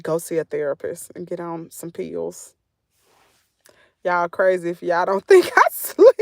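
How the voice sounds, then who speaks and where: This channel host has a Southern American accent and a fairly low, creaky voice that is very animated though a little slow. Sitting in a parked vehicle, she chats casually with her livestream viewers, reads comments, and laughs often, all captured in clean studio sound with no room sound.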